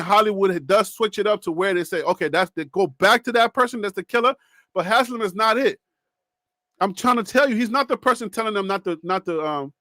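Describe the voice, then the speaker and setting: High-voiced man reacting live to a game. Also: dry recording, studio quality. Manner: animated, talks straight to chat, rambling; shouting and cheering with joy. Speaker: live stream sports reaction host.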